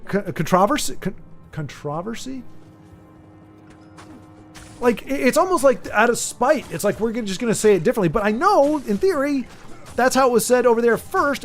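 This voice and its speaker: American male streamer, high voice, chatty and rambling, faint music bed. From United States. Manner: rambling, chatty, lots of restarts, reads chat aloud. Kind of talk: casual chat while gaming.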